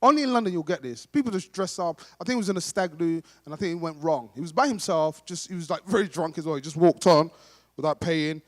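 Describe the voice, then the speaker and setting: A man's voice: on the high side, fast talker. A man performing stand-up comedy at a charity dinner, telling playful stories and laughing along. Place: large dinner hall. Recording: long hall reverb.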